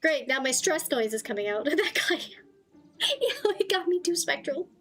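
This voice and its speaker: A woman streaming a story game in casual chat, reacting loudly and swearing freely, her voice a little tired and strained. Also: sits high, very animated, normal speed, faint music behind. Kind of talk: casual gaming livestream chat.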